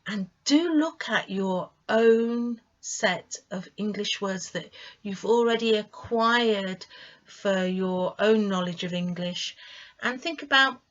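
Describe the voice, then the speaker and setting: Slow, careful woman English tutor. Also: mid-range voice. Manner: slow, clear, encouraging teacher delivery with careful emphasis on sounds. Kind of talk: online teaching lesson. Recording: slightly dull lo-fi audio.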